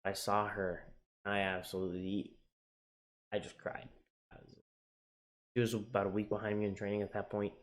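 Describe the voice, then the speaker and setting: A young man tells his own story in a casual vlog with a lowish voice. He is candid and emotional, drops his voice for heavy moments and lifts it when excited. He swears casually and often starts his sentences over. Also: fairly quick, slight background noise. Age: young adult. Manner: frequent fillers and restarts, casual swearing. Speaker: navy sailor sharing his journey.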